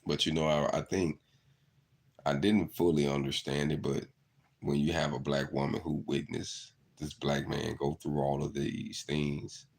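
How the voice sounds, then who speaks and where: A man's voice: extremely low pitch, level tone, measured pace, vocal fry, breathy edge. A middle-aged man, earnestly telling stories in a reflective monologue. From southeast Arkansas. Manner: earnest, storytelling, repeats "you know". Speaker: channel host.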